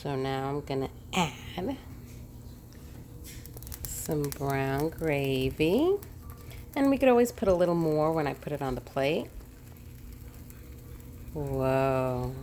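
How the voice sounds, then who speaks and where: A woman's voice: sits low, expressive, measured pace, pauses often, warm tone, slight background noise. A woman vlogging in her home kitchen, chatting casually as she talks through each cooking step.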